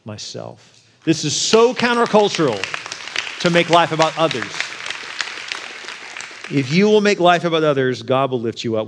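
A man delivering a sermon in a conversational style, swinging between emphatic and soft, quiet storytelling. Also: medium pitch. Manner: conversational preaching, rising to emphatic then dropping soft and quiet. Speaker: pastor.

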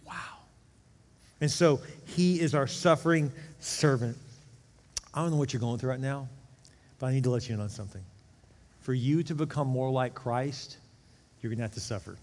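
A man preaching a sermon as pastor, animated, swinging between loud emphasis and hushed intensity. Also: mid-range voice, normal speed, pauses often. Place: church sanctuary. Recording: reverberant hall.

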